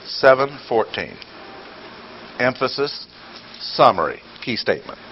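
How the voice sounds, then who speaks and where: A man's voice: mid-range voice, very animated, measured pace. Older man teaching a sermon, dull lo-fi audio. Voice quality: dry, sarcastic asides. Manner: rhetorical questions, emphatic bursts. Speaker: preacher or Bible teacher. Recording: dull lo-fi audio with faint noise.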